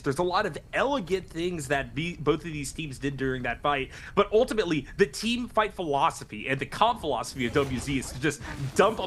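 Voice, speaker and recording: A man's voice: high-pitched, fairly bright tone. A man giving live esports analysis, articulate and analytical, with figurative turns of phrase. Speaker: esports caster.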